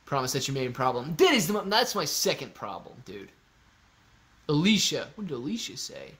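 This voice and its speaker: Male streamer, slightly high pitch, casual and joking, reads chat aloud. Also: big pitch swings, moderate pace, fairly bright tone. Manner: joking, loose, talks to chat by name. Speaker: livestream host. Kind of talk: casual livestream chat reading comments. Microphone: phone used as webcam.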